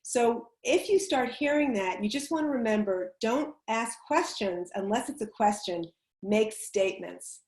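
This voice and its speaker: A woman's voice: a little high, lively intonation, a little slow, a little mellow. A woman public speaking coach giving chatty, emphatic advice on a video call, laughing easily as she explains. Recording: roomy echo on a video call.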